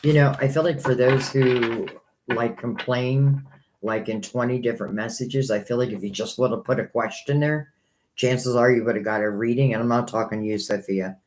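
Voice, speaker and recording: Man, mid-pitched, tarot reader on a live stream, rambling and earnest. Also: steady tone, moderate pace, noisy background. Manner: rambling, thinking aloud; earnest, a little hurt by critics.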